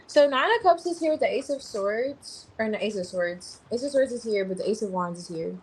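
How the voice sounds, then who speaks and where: A woman's voice: on the high side, lively intonation, fairly quick, slight background noise, poor audio. A woman giving a tarot reading on a livestream, thinking aloud as she turns over cards. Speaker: tarot reader.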